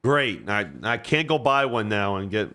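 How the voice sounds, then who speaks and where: A New York man co-hosting a casual livestream who keeps cracking jokes and laughing. His voice sits on the low side. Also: lively intonation, moderate pace, sharp tone. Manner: joking, laughs often. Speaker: livestream co-host. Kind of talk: casual chat.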